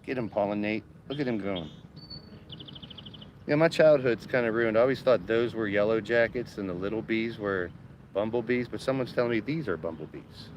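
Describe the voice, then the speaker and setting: A man chatting casually on a live stream from his home garden, excitable and talkative. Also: lowish voice, normal speed, lo-fi sound, a little hiss or hum. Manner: excitable, chatty, cheering bees on.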